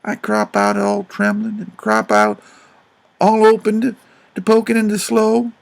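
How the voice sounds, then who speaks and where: A man doing Jim, a gravelly grieving father. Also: high voice, flat delivery, measured pace, heavily acted. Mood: anguished. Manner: drawling, swells to loud outbursts. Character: grieving remorseful grown father, rough and tender. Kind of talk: audiobook character reading.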